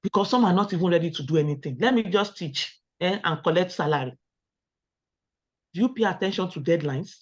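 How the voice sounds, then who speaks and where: A woman's voice: on the low side, quick pace, pauses often. Nigerian woman lecturing over dull call audio. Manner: repeated rhetorical questions to the audience; lively personal storytelling. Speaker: academic webinar speaker. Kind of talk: webinar talk. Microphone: video call.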